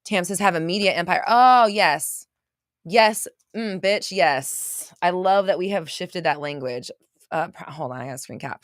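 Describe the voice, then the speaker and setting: A woman with a somewhat low voice hosts a casual motivational livestream. She reads out comments and answers them in an emphatic, gushing way, repeating herself and swearing freely. The sound is dry and close. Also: normal speed, no room sound. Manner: reads viewer comments aloud. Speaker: livestream host.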